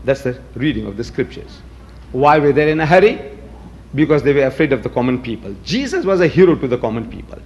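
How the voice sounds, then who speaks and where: A man's voice: mid-range voice, big pitch swings, quick pace, darkish tone. A man from Africa, giving a combative, rhetorical public lecture and mimicking his opponents. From South Africa. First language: Gujarati.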